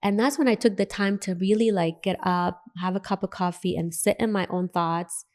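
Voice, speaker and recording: A woman's voice: mid-range voice, steady tone, normal speed, a little mellow. A woman in her forties, a dentist, telling a personal story in an interview and acting out the dialogue as she goes. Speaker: guest, dentist.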